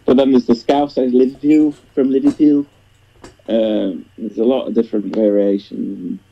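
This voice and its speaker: A man's voice: fairly low pitch, moderate pace, creaky. A man from northern England with a Northern English accent, chatting casually and rambling in a friendly way. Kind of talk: casual chat. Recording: dull lo-fi audio.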